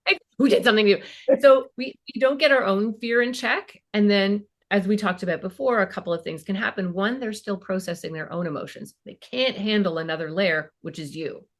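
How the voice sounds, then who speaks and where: A child and family therapist in her fifties speaks casually as a podcast guest in a mid-range voice, fairly quickly. She acts out bits of dialogue between parents and teens.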